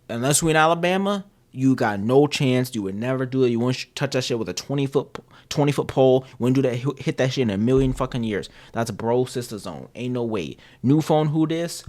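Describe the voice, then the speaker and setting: A male streamer talking off the cuff in a mid-pitched voice. He rambles through slang and swearing, often restarting his sentences. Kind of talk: casual chat.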